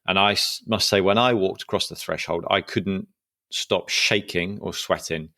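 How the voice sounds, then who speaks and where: A man's voice: low voice, moderate pace, sharp tone. A man hosting a coaching podcast, responding in a thoughtful, affirming way. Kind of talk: reflective interview talk.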